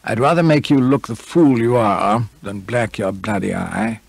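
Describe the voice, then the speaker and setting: A combative, hot-headed drunken writer, as the reader puts him on, blustering and indignant, pitched a little higher and louder than the narration. The gravelly, husky voice stays in a close, dry audiobook recording. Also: male voice, a little slow, no echo, exaggerated voice. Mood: furious. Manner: blustering, indignant, rising to shouts.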